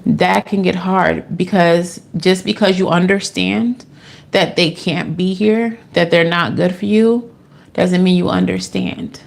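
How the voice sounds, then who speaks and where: Sassy gravelly-voiced woman tarot reader. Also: steady tone, measured pace. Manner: sassy, swears freely, jumps into high playful voices. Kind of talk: casual tarot reading.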